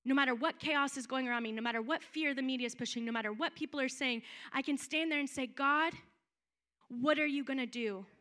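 A young woman delivers a sermon with a bright, ringing tone that sits a little high. She preaches casually and with energy, often slipping into acted-out voices for the people in her stories. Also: quick pace, few pauses. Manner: animated, conversational preaching with acted-out quotes.

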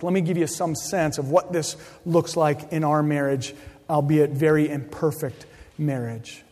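A middle-aged male pastor preaches with deliberate, emphatic delivery, repeating key phrases for weight. His voice sits a little high for a man. A long reverb of a church sanctuary hangs after each line. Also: darkish tone. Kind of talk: sermon. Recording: long reverb of a large hall.

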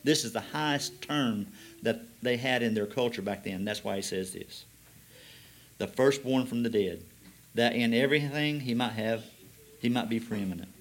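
A man preaching a sermon, reading scripture slowly and explaining it with rising emphasis. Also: mid-range voice.

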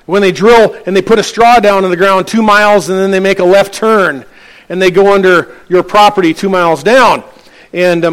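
Middle-aged pastor preaching a story. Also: male voice. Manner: storytelling, acting out dialogue with lifted pitch. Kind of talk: sermon.

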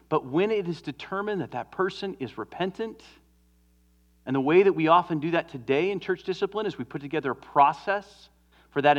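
A male pastor delivering a sermon, earnest and deliberate. His voice sits slightly high and often drops to a near hush at the ends of points. The recording is a little dull and muffled. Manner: earnest, swings from emphatic to hushed.

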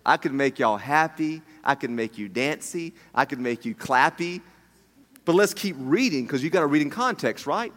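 A middle-aged man preaching a sermon as pastor, animated and jokey, with many restarts. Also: medium pitch, normal speed. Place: church hall. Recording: long hall reverb.

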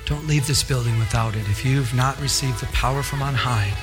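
A man preaching a sermon as pastor in a church, telling lively stories with laughter and acted-out voices. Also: medium pitch, a little fast, over music. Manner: lively storytelling with laughter and impressions.

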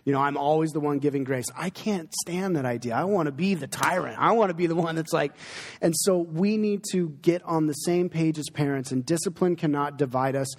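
A middle-aged man, a pastor, preaching an earnest, emphatic sermon with pauses for effect. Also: on the high side. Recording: long hall reverb.

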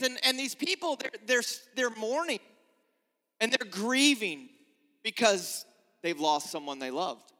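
High, bright-voiced preacher in a hall. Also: male voice. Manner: animated storytelling, acts out voices, swings from loud to hushed. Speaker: pastor. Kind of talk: sermon. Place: church sanctuary.

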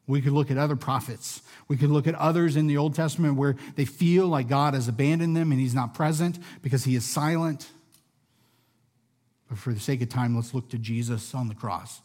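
A man preaching a sermon in a room with listeners, earnest and measured, often dropping softly at the ends of phrases. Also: mid-range voice. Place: room with a gathered audience.

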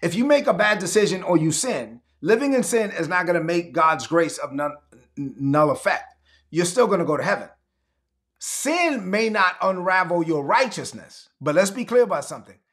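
A man preaching a sermon as pastor, animated and acting out the people he quotes. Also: high voice, normal speed.

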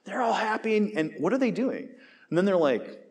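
A man's voice: high-pitched, brisk. A man in his forties preaching a sermon, telling stories with humor and acting out the voices of tempters and skeptics. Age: 40s. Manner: animated storytelling, acts out quoted voices, self-deprecating jokes.

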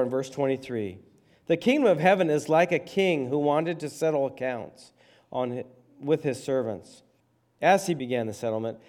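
A pastor preaching a sermon, reading scripture aloud and explaining it in a conversational, emphatic way. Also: male voice, on the high side, darkish tone. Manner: conversational, emphatic with checking questions.

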